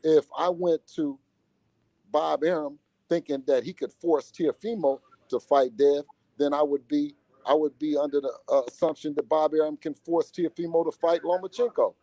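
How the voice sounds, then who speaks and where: Boxer's father in an interview: animated, slangy, dark-toned, dry recording. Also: on the high side, moderate pace, no room sound. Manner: animated, repeats himself, slangy. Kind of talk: casual interview talk.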